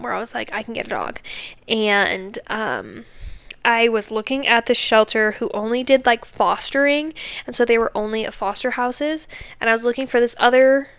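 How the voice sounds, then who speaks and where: A woman hosts her own podcast unscripted, rambling candidly and poking fun at herself, filling her talk with little verbal fillers. Her voice sits a touch high and comes across smooth and clean. The sound is dry and close, with no room around it. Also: fairly bright tone, no echo. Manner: rambling, heavy with filler words; self-deprecating, candid. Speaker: podcast host. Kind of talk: unscripted casual rant.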